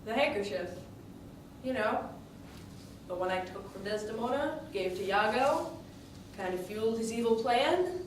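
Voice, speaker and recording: Woman, high voice, chatty in-character retelling, indignant, lots of restarts, distant mic in a roomy space. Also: lively intonation, unhurried, long pauses, slight background noise. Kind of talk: in-character monologue retelling a tragedy. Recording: echoey room, distant mic, faint ambience.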